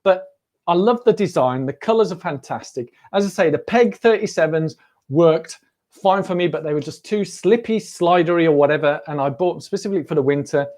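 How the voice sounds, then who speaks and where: A man's voice: a little high, fairly quick, darkish tone. A middle-aged man hosting a casual livestream, chatty and jokey, talking straight to his viewers. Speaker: running channel host. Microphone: camera on a livestream.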